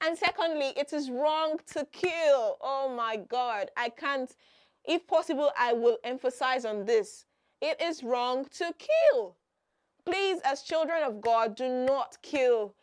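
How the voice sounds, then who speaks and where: A woman hosting a children's Bible program. She asks the children questions, then answers them herself and repeats the key points with emphasis. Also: a little high. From Nigeria.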